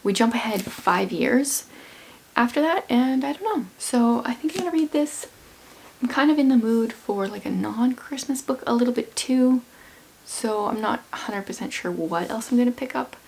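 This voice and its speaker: A woman with a fairly high voice and a gravelly, fry-edged texture talks through her current reads. She is hoarse from losing her voice and keeps a chatty, rambling, offhand tone throughout her casual book vlog. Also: moderate pace, slight background noise. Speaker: book vlogger.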